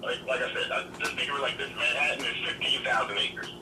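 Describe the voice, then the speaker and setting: A man's voice: mid-range voice, fast, distant mic. Hesitant man on an echoey, noisy phone line. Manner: hesitant, stammering restarts. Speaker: guest caller. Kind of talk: casual phone conversation.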